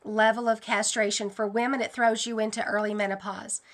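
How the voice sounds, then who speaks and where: A woman hosting her own channel, speaking in a casual, animated and earnest monologue about her dreams. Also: mid-range voice, a little fast. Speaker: channel host sharing dreams.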